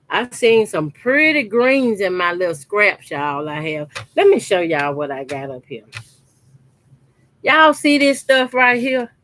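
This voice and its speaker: On the high side and a bit bright, this woman runs a sewing channel. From her sewing corner at home she cuts fabric scraps for a quilt and chats casually with viewers, emphatic and prone to repeating herself.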